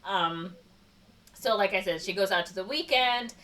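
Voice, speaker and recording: A woman's voice: mid-range voice, moderate pace, pushed and bright, recorded from a distance. A woman co-hosting a podcast, casually retelling a movie plot with lots of "like" and "whatever". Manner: rambling retelling full of "like" and "whatever". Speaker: podcast co-host. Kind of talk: casual movie recap chat.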